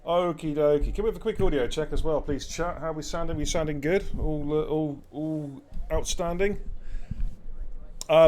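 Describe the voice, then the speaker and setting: A man's voice: fairly high pitch, normal speed, a little mellow. A man hosting live esports race commentary, chatty and jokey, talking to the stream chat.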